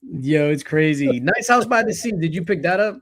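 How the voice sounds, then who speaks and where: A man's voice: on the high side, expressive, normal speed, a bit bright, slight background noise. A man hosting a casual pop culture chat show, laid-back and slangy. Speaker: show host.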